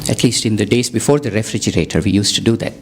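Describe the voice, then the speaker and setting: A man's voice: fairly low pitch, fast talker, background noise. Man telling a spiritual story. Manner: conversational, asks the audience questions, wry asides. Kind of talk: satsang storytelling talk.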